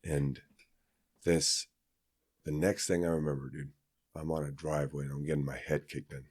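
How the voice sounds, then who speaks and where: Man, very low voice, guest from Kansas, casual storytelling, lots of restarts, dry sound. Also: flat delivery, normal speed, a little mellow, no room sound. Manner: rambling, with many fillers and restarts. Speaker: podcast guest.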